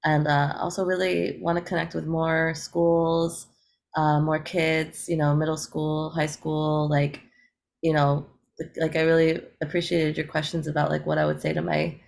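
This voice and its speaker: A woman's voice: sits low, level tone, normal speed, creaky. A woman, a guest on an interview show, talking casually and upbeat, with lots of fillers and frequent laughter. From United States. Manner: chatty, upbeat, laughs often, many fillers. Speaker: guest, eco-rapper.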